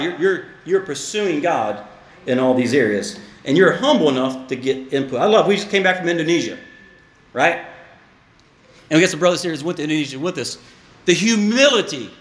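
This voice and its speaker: Lively high-voiced preacher in echoey hall. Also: male voice. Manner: animated, joking asides, repeats words. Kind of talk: sermon. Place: church hall.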